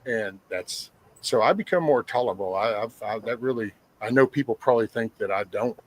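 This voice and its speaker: A man's voice: mid-range voice, fairly quick, slight background noise, rough recording. A middle-aged man, telling blunt, profane stories in casual podcast talk. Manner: rough-spoken, profane, plainspoken. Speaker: guest sharing life stories.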